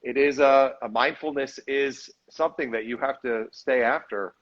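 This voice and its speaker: A man's voice: medium pitch, moderate pace. Man, actor chatting on a video call, tired, reflective, rambling, slightly dull audio. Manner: reflective, rambling, self-deprecating. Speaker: actor and director, guest. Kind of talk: casual live video chat.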